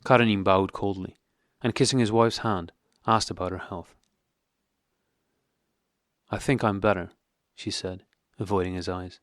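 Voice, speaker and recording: A man narrating an audiobook with a measured, even reading. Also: deep voice, no echo, studio quality. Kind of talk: scripted narration.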